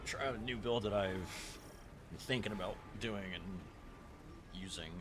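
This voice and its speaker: A young man chatting casually while streaming a game, relaxed and swearing a little. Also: on the low side, a little slow, background noise. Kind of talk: casual gaming chat.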